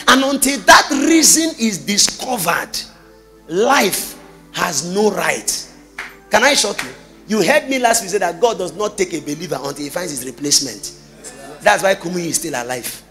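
A man with a Nigerian accent preaching a sermon, full of rhetorical questions and sudden shouted bursts. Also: sits high. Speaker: pastor.

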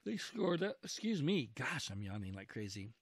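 Man, mid-pitched voice, casual wargame commentary, coaxes his troops, noisy game sounds of gunfire behind. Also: sing-song, moderate pace. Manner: talks to his units, cheering and groaning at each turn. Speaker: wargame video host. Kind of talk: casual let's-play commentary.

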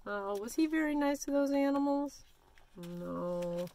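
A woman librarian leading a children's story time, reading a picture book and counting and singing in an animated, sing-song way for young kids. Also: high voice, moderate pace.

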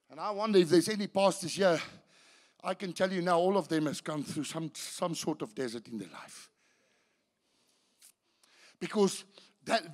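A man preaching a sermon as pastor, swinging between hushed and shouted passages, often restarting his sentences. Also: high voice. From South Africa. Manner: restarts and repeats words mid-sentence. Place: church.

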